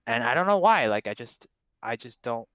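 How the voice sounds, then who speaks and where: A man's voice: mid-range voice, very animated, normal speed, a bit bright, dry recording. A young man chatting casually about his past relationships, joking and rambling with many fillers and restarts. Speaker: guest.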